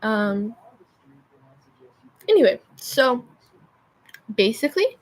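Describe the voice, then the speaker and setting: A woman's voice: on the high side, sing-song, slow. A young woman chatting on a livestream, rambling and losing her train of thought with constant filler words. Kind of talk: rambling live-stream chat.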